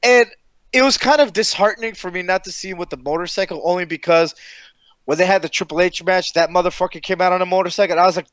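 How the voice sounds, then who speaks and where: A man co-hosting a casual podcast chat, talking in an excited, profane, storytelling way. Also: high voice, fast, dry recording. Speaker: podcast co-host.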